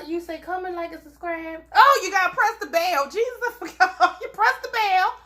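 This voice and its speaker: A woman's voice: very high voice, sharp tone. A woman vlogger in a casual challenge video, exclaiming, swearing and chatting to her viewers in slangy, drawling informal talk.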